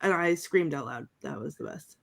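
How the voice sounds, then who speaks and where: A woman's voice: low voice, moderate pace, vocal fry. A woman on a film review panel, chatting casually, rambling and giggly, with lots of ums and restarts as she hunts for her favorite lines. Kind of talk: casual group chat about a film.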